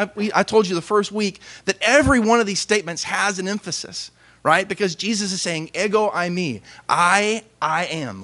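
A young man, a pastor, giving an earnest sermon with emphatic pauses. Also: high-pitched.

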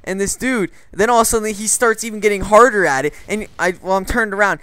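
Gaming channel host, male, slightly higher pitch, smooth clear tone, rambling profane casual storyteller. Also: quick pace, sharp tone, no echo, rough recording. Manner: rambling, profane, filler-heavy. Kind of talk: casual gameplay commentary storytelling.

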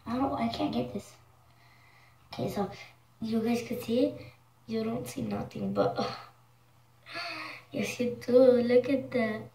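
Casual vlogger, woman, excitable and squeamish; roomy, distant camera-mic sound with faint background hiss. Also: on the high side, a little slow, vocal fry, long pauses. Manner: chatty, excitable, squeamish exclamations. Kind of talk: casual vlog chat.

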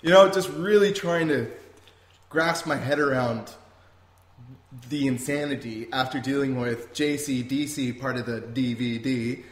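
A man's voice: mid-range voice, steady tone, unhurried. A man hosting a podcast, telling a story in a rambling, casual way, laughing often and swearing freely. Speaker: podcast host. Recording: roomy echo.

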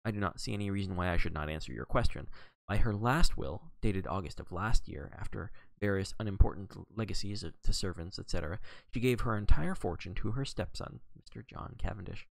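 A soothing middle-aged lawyer chooses his words with care, smooth and measured, as a man reading aloud puts him on. Underneath there is a low, gravelly voice, heard close and dry. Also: lively intonation, no room sound. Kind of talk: audiobook reading.

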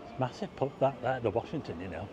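A man's voice: mid-range voice, animated, fast talker, background noise. A man giving a chatty, rambling walking-tour commentary outdoors at night, pointing things out to his viewers. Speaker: vlogger. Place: outdoors, car park roof and town streets at night.

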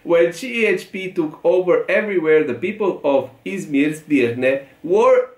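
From Italy, the reaction-video host reads out tweets and chats casually, laughing often and repeating short bits. His voice sits a little high with a darkish tone, expressive and unhurried, captured in an echoey room.

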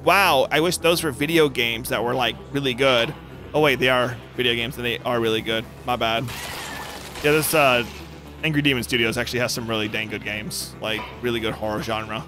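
A young man hosting a let's play, goofy and excitable, joking and yelping at the game. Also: medium pitch, fairly quick. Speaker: gaming channel host. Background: game music.

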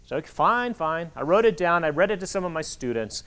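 Lively man telling stories to kids. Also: on the high side, brisk, clean tone. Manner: animated storytelling, acts out quoted voices. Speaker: author speaking to kids. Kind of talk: library talk with slides. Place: public library hall. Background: audience of children.

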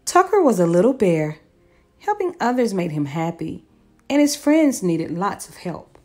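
A woman reading a children's picture book aloud as storyteller, expressive and unhurried. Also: medium pitch, faint music behind.

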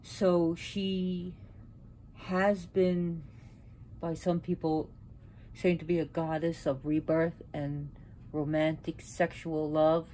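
A woman with a low, unhurried voice talks through old myths at home, drifting off topic and catching herself. A faint hum of room ambience sits behind her. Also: flat delivery, dark tone. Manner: rambling, self-correcting, with sudden outbursts. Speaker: pagan video host. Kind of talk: casual talk about mythology while arranging an altar.

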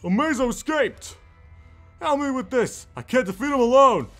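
A man's voice: fairly high pitch, sing-song, fairly quick, soft background music, voice pushed up. A man voicing an earnest, friendly male cyborg superhero as he reads game dialogue aloud, stumbling over a few words. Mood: urgent.

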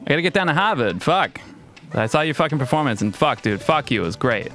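A loud, swaggering young Boston-area guy, as a man puts him on with a put-on Massachusetts accent. He swears through every line in a gruff, cocky drawl, with faint music behind. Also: on the high side, very animated, fast talker. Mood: brash.

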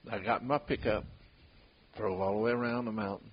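An older man who works as a bloodhound tracker shares folksy stories conversationally and laughs at his own tales. His voice is lowish with fairly even intonation and a slightly quick pace, on a dull, hissy lo-fi recording.

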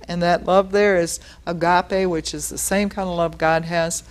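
A woman pastor with a slightly low voice leads a Bible study. She teaches in an easy, conversational way, unpacking what words mean. She acts out the lines she quotes. It sounds like a studio recording. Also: moderate pace. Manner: conversational, explains word meanings, acts out quotes.

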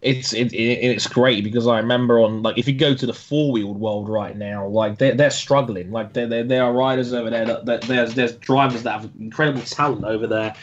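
A man's voice: mid-range voice, steady tone, background noise. A man with a mid-range voice praises riders with eager, stop-start enthusiasm. The recording sounds dull and lo-fi. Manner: enthusiastic, halting with restarts. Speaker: podcast co-host. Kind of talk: casual motorsport chat.

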